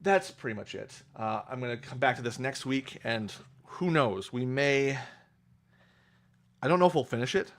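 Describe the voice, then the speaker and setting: A young adult man talking casually on a livestream about the book he is reading, pausing often with fillers and restarts. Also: medium pitch, expressive, a bit bright. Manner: hesitant, many fillers and restarts. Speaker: streamer reading a book aloud.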